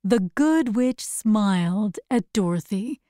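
A woman narrating a storybook in a slow, clear, expressive read-aloud. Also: medium pitch, no echo, studio quality.

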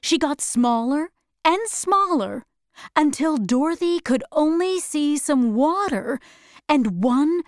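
A woman narrating a storybook in slow, clear, careful reading. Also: sits high, animated, no echo, studio quality.

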